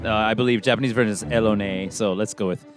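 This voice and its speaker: A man's voice: on the low side, steady tone, rapid-fire, faint music behind. A man co-hosting a podcast, chatting informally and teasing his co-host. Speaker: podcast co-host, long-time fan. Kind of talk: casual podcast chat.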